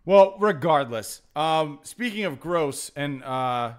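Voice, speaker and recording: A young man on a casual podcast, wandering through a story with plenty of "um"s and restarts. His voice sits a little higher than most men's. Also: lively intonation, slow pace, clean tone. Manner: rambling storyteller, many fillers and restarts. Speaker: podcast host.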